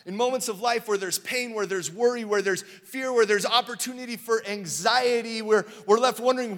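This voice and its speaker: A man's voice: high-pitched, moderate pace, hardly any pauses, fairly bright tone. A man in his thirties preaching a sermon as pastor, in a loose, joking storytelling way with plenty of fillers, recorded in a church hall. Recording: long hall reverb.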